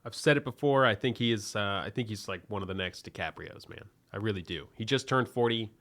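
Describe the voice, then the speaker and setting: A man's voice: fairly low pitch, brisk, a bit bright. A young man co-hosting a podcast, talking enthusiastically about actors in casual, filler-heavy chat. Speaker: podcast co-host. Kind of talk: casual movie review chat.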